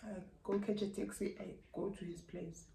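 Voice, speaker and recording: A young South African woman with a South African accent, telling a personal story in a lively vlog and acting out her relatives' lines. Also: medium pitch, normal speed, creaky. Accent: South African English. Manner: animated, acts out relatives' lines, slangy. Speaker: YouTuber. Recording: echoey room, faint background hum.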